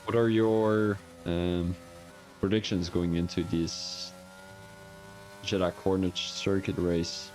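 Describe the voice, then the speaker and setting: A man with a Belgian accent gives loose live-stream commentary on a racing league. His voice sits low, and he rambles from joke to self-mocking joke. Faint music plays quietly behind him. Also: little pitch movement, unhurried.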